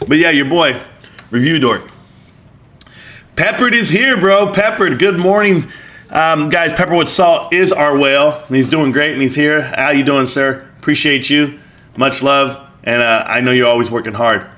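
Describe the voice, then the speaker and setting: A man with a slightly higher voice hosts a live stream and chats casually with his viewers. He reads their comments aloud in joking banter and laughs often. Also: moderate pace, sharp tone.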